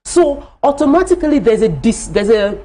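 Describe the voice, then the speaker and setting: A woman's voice: on the high side, sing-song, moderate pace, mellow. A Nigerian woman panelist on a TV talk show, arguing with passion and often restarting her phrases. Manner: impassioned, emphatic, restarts phrases. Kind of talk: studio discussion.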